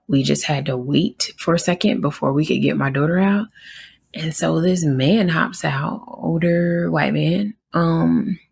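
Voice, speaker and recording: A woman's voice: sits low, creaky, a little mellow, slightly rough. A young woman with a Southern American accent telling a story in a casual, indignant podcast monologue, full of fillers. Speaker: podcast host.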